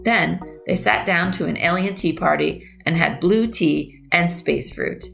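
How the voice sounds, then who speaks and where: A woman reading a story aloud to children and then showing a craft, gentle, clear and patient. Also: lowish voice, a little slow, faint music behind. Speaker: museum storyteller and craft presenter.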